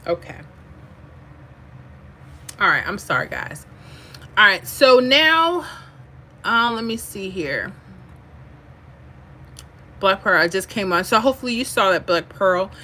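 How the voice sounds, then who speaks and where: A woman's voice: medium pitch, takes it slowly, long pauses. Chatty woman hosting a livestream. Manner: chatty, reads viewer comments aloud; animated, storytelling asides. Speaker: lottery livestream host. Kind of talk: casual livestream chat.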